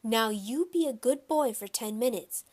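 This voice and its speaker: A woman's voice: on the high side, animated, normal speed, darkish tone. A woman playing a flustered, fussing mother. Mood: fretful.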